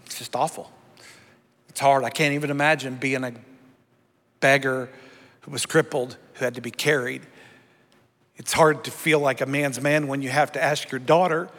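A man's voice: medium pitch, fairly bright tone. A middle-aged man preaching a sermon as pastor, emphatic and leading his congregation in reading Scripture aloud. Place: church sanctuary before a congregation, also streamed online. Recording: long hall reverb.

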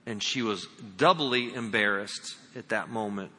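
A man's voice: on the low side, unhurried, sharp tone. A male pastor telling a story in his sermon and speaking earnestly and directly to the congregation. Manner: earnest, direct address to listeners. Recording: long reverb of a large hall.

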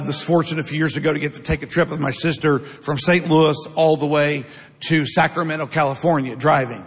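A man's voice: fairly high pitch, fairly bright tone. A man preaching a sermon to a congregation, reading scripture and telling stories with rhetorical questions. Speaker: pastor. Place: church sanctuary. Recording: long hall reverb.

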